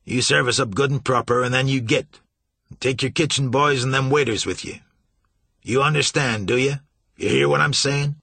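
A man voicing a gruff, forceful riverboat captain. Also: mid-range voice, moderate pace, no room sound, pitched above the performer's own voice. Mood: commanding. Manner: rough folksy dialect, forceful. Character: gruff stubborn male riverboat captain, middle-aged.

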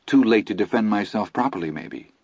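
A man reading a first-person story aloud in a measured, low-key way. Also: lively intonation, creaky, a little mellow, no echo. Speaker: audiobook narrator. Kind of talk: scripted first-person narration. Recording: dull lo-fi audio, dry.

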